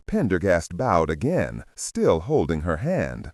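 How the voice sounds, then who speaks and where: A man narrating an audiobook thriller in an expressive read. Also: low voice, unhurried, breathy edge, no room sound, studio quality. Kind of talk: scripted narration.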